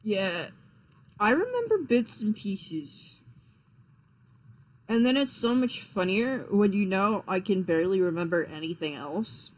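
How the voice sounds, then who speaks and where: A young man rambles through stories on a live stream, swearing freely and tripping over his own restarts. He sounds sleepy and unhurried, with a casual, offhand delivery. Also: sits high, sing-song, low-quality recording. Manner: rambling, profane, frequent fillers and restarts. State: tired, yawning.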